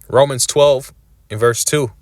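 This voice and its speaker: A man's voice: mid-range voice, fairly even intonation, a little slow, no room sound. A man preaching a sermon in an emphatic style, often adding tag questions as he goes.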